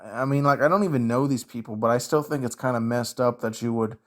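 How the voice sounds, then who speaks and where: A man with a Southern US accent answers viewer questions in a casual, ranting commentary, talking slowly with many fillers. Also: mid-range voice. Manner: slow, drawn-out delivery with many fillers.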